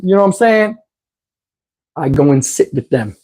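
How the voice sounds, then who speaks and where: A man hosting his channel, telling a comic story in an animated, profane way and acting out the other voices. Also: fairly high pitch, moderate pace, long pauses. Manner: animated, profane, acts out every voice. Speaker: channel host.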